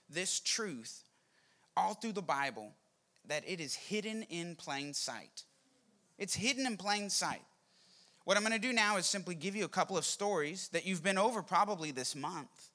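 A man preaches from the pulpit, retelling a scripture story with animated, playful energy. He acts out the lines of the people in the story as he goes. His voice sits high and has a bright, forward edge. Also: normal speed. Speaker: pastor. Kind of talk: sermon.

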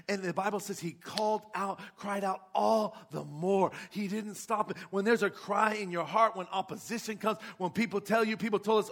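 High-voiced impassioned pastor. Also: male voice, moderate pace, hardly any pauses, a bit bright, a faint crowd. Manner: impassioned preaching with rhetorical questions to the congregation. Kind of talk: sermon.

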